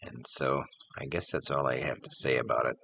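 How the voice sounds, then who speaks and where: A man hosting, telling parables and reflecting in a measured, plainspoken way with filler pauses. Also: extremely low pitch, flat delivery, pushed and bright, a little hiss or hum. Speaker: host. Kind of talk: storytelling and reflection.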